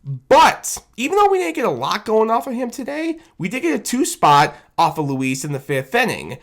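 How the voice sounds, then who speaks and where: A man giving a casual, animated recap of his team's loss as a fan commentator, self-deprecating and rambling, talking into a desk microphone. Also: high voice, normal speed, gravelly. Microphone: desk microphone on camera.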